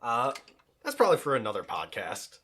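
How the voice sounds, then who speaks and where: Male co-host, mid-range voice, measured explainer with dry deadpan jokes. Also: medium pitch. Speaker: podcast co-host. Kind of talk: casual gaming chat.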